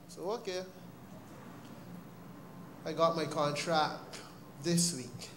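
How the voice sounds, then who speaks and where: A man with a Barbadian accent giving an earnest, animated personal testimony at a church service. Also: a little high, a little slow, long pauses, a little hiss or hum. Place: church sanctuary. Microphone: live-streamed service mic.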